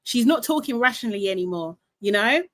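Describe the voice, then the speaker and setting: A woman hosting a casual live recap, retelling the drama in a chatty, animated way with some swearing. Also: on the high side, brisk, no room sound. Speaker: reality show recap host.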